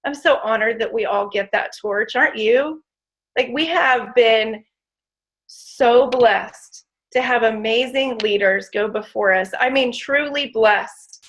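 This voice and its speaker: A woman's voice: a little high, takes it slowly, a bit bright, low-quality recording. A woman giving an emotional, emphatic inspirational testimony, speaking straight to her audience. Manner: emotional, emphatic, addresses audience as "you guys". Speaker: motivational speaker.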